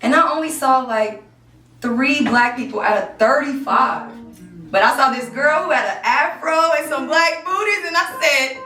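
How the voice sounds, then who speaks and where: A young woman from Kansas City, Missouri, telling her own story in a one-woman stage show, lively and playful. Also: high voice, moderate pace. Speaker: solo performer. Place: stage in a performance space. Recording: roomy live stage, distant mic, music.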